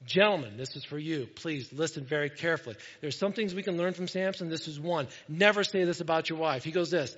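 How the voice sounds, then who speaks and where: A man delivers a lively sermon in a high voice, joking with his congregation as he goes. The sound is dull and lo-fi. A long reverb trails each line, as in a large hall. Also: brisk, hardly any pauses. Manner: animated, jokey preaching with asides to the congregation. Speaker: pastor.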